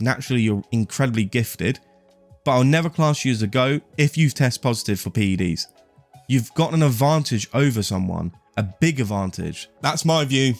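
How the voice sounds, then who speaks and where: A man's voice: medium pitch, no room sound. A man in his late twenties giving opinionated, casual sports commentary to his viewers. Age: late 20s. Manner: opinionated, talks straight to the viewer.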